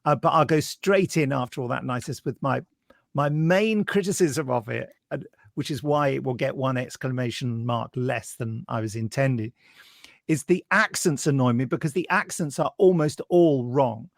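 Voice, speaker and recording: A man's voice: mid-range voice, moderate pace, creaky, no room sound, clean studio sound. A British man co-hosting a podcast, talking casually and with animation. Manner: chatty, animated, laughs while talking. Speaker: podcast co-host. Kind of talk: casual chat.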